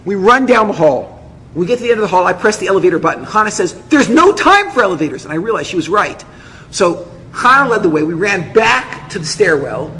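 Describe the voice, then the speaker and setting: A man's voice: sits high, a little fast. A man, a rabbi, telling a personal story to an audience and acting out the voices of everyone in it. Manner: animated, acts out every voice. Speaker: rabbi and speaker. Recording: long hall reverb, faint noise.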